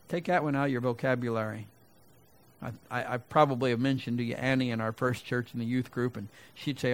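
A man delivers a fast sermon, his volume lurching from loud, emphatic bursts to quiet, low asides. He restarts lines conversationally and keeps addressing the congregation.

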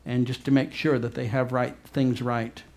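A man preaching a fervent sermon as pastor, swinging between loud urgent emphasis and quiet low asides. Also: flat delivery, moderate pace.

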